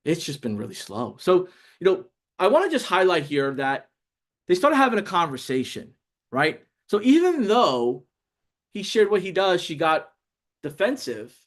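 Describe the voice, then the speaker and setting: A man giving a casual motivational sales talk to camera, excitable and telling stories with acted dialogue. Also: high-pitched, unhurried. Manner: excitable, storytelling with acted dialogue, many restarts. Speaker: sales coach.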